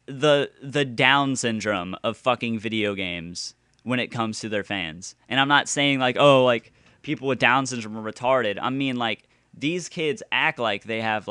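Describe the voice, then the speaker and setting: Man, ranting at video games, frustrated and foul-mouthed, average pitch, smooth clean tone. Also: animated, slow, dry recording, studio quality. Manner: exasperated, with sudden loud outbursts. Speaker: gaming video ranter. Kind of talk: profane angry rant.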